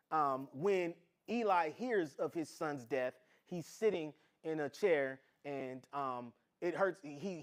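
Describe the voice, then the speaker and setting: Speaking in a high-pitched voice, this man teaches the Bible informally, putting its stories into everyday slang and performing the characters' lines himself.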